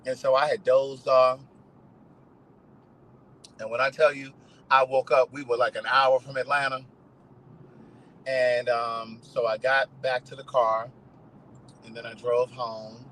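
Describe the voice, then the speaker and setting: A man hosting a casual live stream, telling stories in an animated way and swearing freely. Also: medium pitch, a little slow, long pauses, a little hiss or hum, poor audio. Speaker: host.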